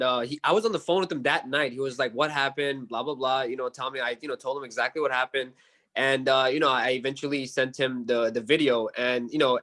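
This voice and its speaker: A man's voice: medium pitch, fairly bright tone. A man from New York, a podcast guest, chatting casually and rambling with lots of fillers. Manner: rambling, filler-heavy, keeps asking "you know what I mean". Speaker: podcast guest, card collector. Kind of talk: casual chat.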